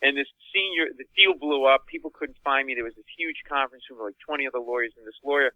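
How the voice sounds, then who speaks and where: A comedian telling an animated comic anecdote, acting out the other people's voices as he goes. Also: medium pitch, fast talker, dry recording, narrow, tinny audio. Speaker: guest comedian.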